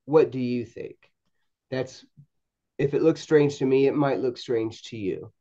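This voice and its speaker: Mellow-voiced man telling a story. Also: medium pitch, highs cut off. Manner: halting, with frequent repeated words and restarts. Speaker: podcast guest, paranormal investigator. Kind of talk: storytelling anecdote in a podcast interview.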